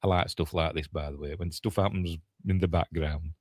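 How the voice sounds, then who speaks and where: Low-voiced older Yorkshire man. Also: steady tone, normal speed, dry recording, studio quality. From Yorkshire, England. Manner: rambling, self-correcting, chatty asides. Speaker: film reviewer. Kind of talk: casual film breakdown commentary.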